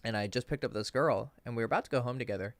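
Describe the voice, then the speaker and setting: A man's voice: medium pitch, rapid-fire, no room sound. A man coaching on dating, telling a story in a casual, profane livestream Q&A and acting out the people he quotes. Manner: casual, profane, animated when quoting others.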